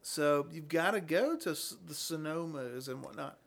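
A man's voice: on the high side, moderate pace, gravelly, fairly bright tone. Blunt, opinionated man talking wine. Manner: opinionated, blunt, swears freely. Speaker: podcast host. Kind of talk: casual chat about wine.

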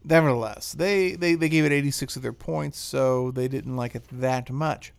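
A man's voice: medium pitch, moderate pace, creaky. A man hosting a casual wine podcast, joking and rambling as he talks. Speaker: podcast host.

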